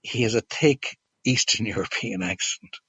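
A man's voice: fairly low pitch, moderate pace, fairly bright tone, husky, dry recording. A man telling a long story as a guest, hesitant with many fillers and restarts, on a dull lo-fi recording. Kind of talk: casual storytelling.

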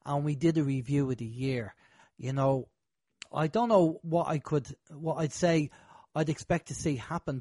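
A man's voice: fairly high pitch, dark tone, slightly rough, dry recording. A man hosting a casual conversation, talking in a rambling, hesitant way with many fillers.

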